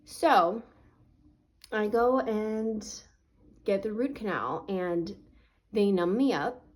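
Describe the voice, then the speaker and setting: Speaking slowly with a medium-pitched, slightly mellow voice, a woman vlogger tells a personal story to camera through a swollen, sore face. She's casual and chatty, full of "like" fillers, and her reflection is earnest and faith-minded. The audio quality is poor.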